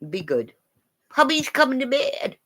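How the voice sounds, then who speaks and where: A woman from Canada chatting on a late-night livestream, playful and rambling, swinging between loud calls and quiet mutters. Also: high-pitched, very animated, measured pace.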